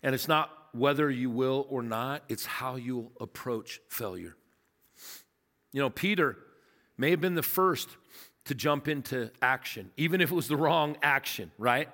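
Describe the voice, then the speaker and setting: A man's voice: mid-range voice, measured pace, bright, forceful tone. A man delivering a sermon to a congregation, in a conversational and emphatic manner with rhetorical questions. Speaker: guest preacher. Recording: long hall reverb.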